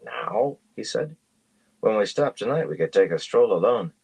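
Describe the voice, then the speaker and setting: A man's voice: lowish voice, big pitch swings, moderate pace, vocal fry, a little mellow, breathy edge, pitched above the performer's own voice, heavily acted. A man reading a wry, cocky young male rogue in an audiobook. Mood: teasing.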